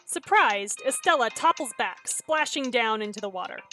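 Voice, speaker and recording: A woman's voice: on the high side, animated, normal speed, a bit bright, faint music behind. Chatty young woman streaming a story game. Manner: chatty, self-deprecating, reacts aloud. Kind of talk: reading a visual novel aloud while streaming.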